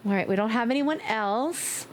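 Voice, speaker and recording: A woman streamer chatting casually with her viewers in a playful way, now and then slipping into squeaky baby talk and screams. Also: expressive, normal speed, slight background noise. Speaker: livestreamer. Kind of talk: casual live-stream chat.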